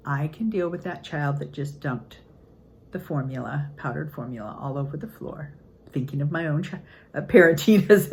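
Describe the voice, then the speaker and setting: Older woman, grandmother, earnest upbeat parenting talk, lowish voice, faint room hum. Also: poor audio. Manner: earnest, upbeat, acts out quotes with lively voices. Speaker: parenting channel host. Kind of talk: casual teaching talk.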